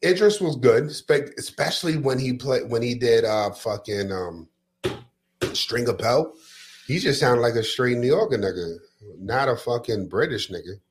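A man's voice: mid-range voice, expressive, moderate pace, a little hiss or hum. A man co-hosting a podcast, rambling and joking with profanity in casual chat. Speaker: podcast co-host.

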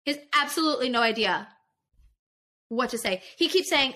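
A woman's voice: sits high, moderate pace, long pauses. A young woman, a podcast guest, telling a personal story in casual conversation, emotional and profane as she acts out both sides. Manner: emotional, profane, animated retelling.

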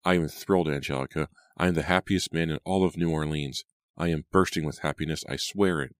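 Lovestruck young killer gent, as a man reads him, very deep voice, earnest pleading, dry sound. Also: fairly even intonation, a little fast, no room sound. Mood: elated. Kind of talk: audiobook character reading. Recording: dry close studio sound.

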